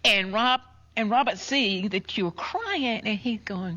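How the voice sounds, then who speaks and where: An older woman retelling a painful family loss in slow, emotional personal storytelling, dropping to a hush when she quotes. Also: mid-range voice. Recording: dull lo-fi recording.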